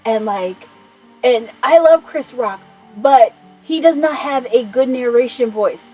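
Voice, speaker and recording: A woman's voice: fairly high pitch, slow pace, warm tone, slightly rough, soft background music, poor audio. A woman in her thirties rambling in a casual vlog chat, enthusiastic and swearing freely. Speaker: vlogger.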